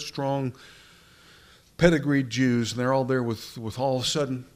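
Conversational male preacher, mid-pitched. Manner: conversational, addresses listeners directly, frequent restarts. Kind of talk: sermon.

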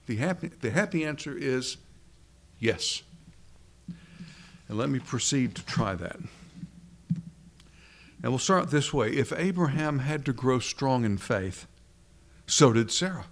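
Deliberate male preacher. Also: medium pitch, expressive. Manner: deliberate, asks the congregation questions, slows down for emphasis. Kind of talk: sermon.

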